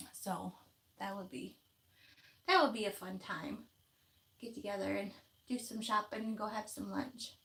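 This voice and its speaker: Lady chatting live on her craft channel, folksy, laughs a lot, mid pitch. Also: creaky. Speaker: craft vlogger hosting a live chat. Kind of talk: casual live-stream chat, reading viewer comments.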